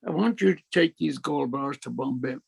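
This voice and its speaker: Old Irish man voicing a smuggler, repeats himself, insistent, gravelly. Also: medium pitch, expressive, normal speed, heavily acted. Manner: repetitive, insistent. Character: terse male smuggler giving orders.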